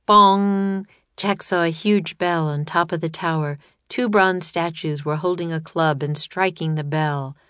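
Audiobook narrator, woman, low-ish voice, steady storytelling, close and dry. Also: unhurried, few pauses, clean tone, no echo.

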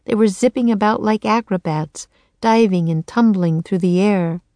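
A woman narrating a children's chapter book in a clear, measured storytelling manner. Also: mid-range voice, warm tone, dry recording. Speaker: audiobook narrator. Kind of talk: children's audiobook reading.

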